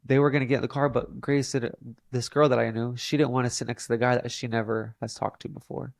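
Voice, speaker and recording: A man's voice: mid-range voice, level tone, quick pace, creaky, dry recording, clean studio sound. A young man telling a personal story in a casual, earnest way, often saying "like" as a filler. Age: young adult. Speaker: podcast guest.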